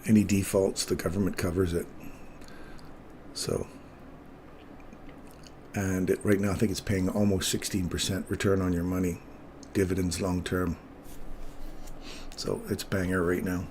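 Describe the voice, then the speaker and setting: A man with a lowish voice talks through his market charts in a relaxed, chatty way. He greets viewers by name as he narrates his trades live. A faint hiss sits under the recording. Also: a little slow, long pauses. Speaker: trading streamer. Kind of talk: live trading commentary.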